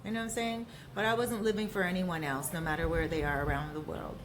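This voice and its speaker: Female vlogger, lowish pitch, conversational and rambling, noticeable background noise. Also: level tone, fast. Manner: chatty, repeats herself, talks with mouth full. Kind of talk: casual talk to camera while eating.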